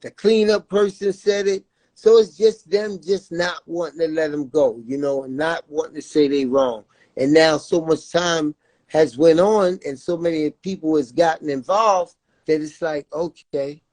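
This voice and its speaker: A man with a slightly raised pitch speaks with earnest, repetitive intensity as an interview guest, leaning on "you know what I'm saying". The recording is dry and close, with no room sound around him. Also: steady tone, unhurried, darkish tone, dry recording. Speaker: guest, father of a jailed son. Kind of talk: emotional interview talk.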